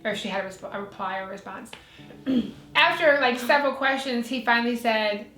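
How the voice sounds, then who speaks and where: A woman's voice: fairly high pitch, brisk. A middle-aged woman, a guest psychic medium, telling a story in casual chat and acting out the people in it. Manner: animated storyteller, acts out the people in her story. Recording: echoey room, faint music.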